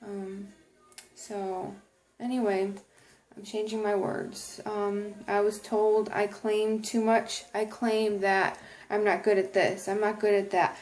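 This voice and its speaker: A woman's voice: mid-range voice, flat delivery, slow pace, darkish tone. A woman talking earnestly to camera in a casual inspirational vlog, with many ums and restarted sentences. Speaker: vlogger.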